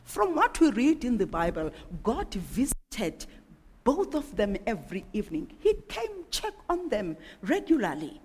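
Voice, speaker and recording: Woman preacher, slightly high, very lively pitch, slow deliberate sermon pace, reverberant hall. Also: slightly rough. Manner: animated, rhetorical questioning. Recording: echoey hall with long reverb.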